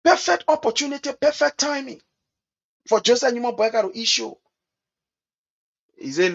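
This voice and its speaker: A Liberian man giving impassioned political commentary in a preachy, repetitive way, acting out other people's words in quick asides. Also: very high voice, lively intonation, vocal fry, fairly bright tone, lo-fi sound.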